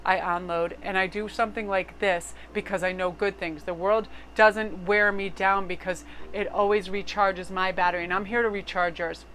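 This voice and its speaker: A middle-aged woman giving a casual tarot reading to camera, excitable, swearing and laughing in bursts of energy. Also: medium pitch, a little hiss or hum. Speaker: tarot card reader.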